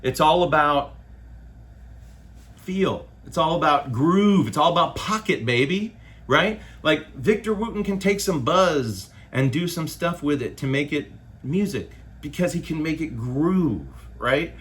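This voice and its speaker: A man, a bass player, giving his opinions in a casual, loose monologue with slang and the odd swear word. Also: lively intonation, measured pace, fairly bright tone.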